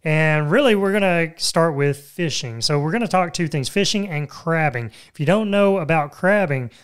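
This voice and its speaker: A man's voice: on the high side, animated, normal speed, clean tone. A man co-hosting a casual family podcast, playful and jokey, laughing easily. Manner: playful, jokey, puts on spooky voice. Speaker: co-host.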